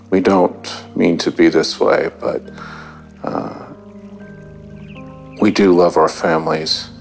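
A man's voice: very deep voice, vocal fry. A man calling in to pray for others, hesitant and full of fillers. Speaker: caller. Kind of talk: phoned-in prayer.

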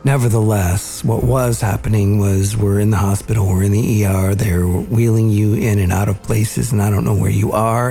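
A man hosting a podcast, earnestly recounting a family memory in a measured, reflective way. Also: lowish voice, creaky, mellow. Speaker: podcast host. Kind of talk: reflective storytelling conversation.

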